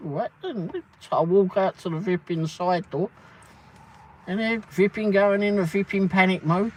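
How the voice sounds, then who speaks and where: A man's voice: high voice, fairly even intonation, normal speed, rough recording. A man hosting a livestream from a truck cab, telling a casual story full of swearing and the word "flipping". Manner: swears a lot and keeps saying "flipping". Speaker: livestream host.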